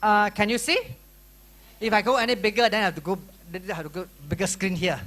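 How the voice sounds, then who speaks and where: A middle-aged man with a Malaysian English accent, giving a lively workshop lecture that is full of questions and teasing to a room of students. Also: sits high, fast. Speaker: workshop teacher. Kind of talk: classroom lecture.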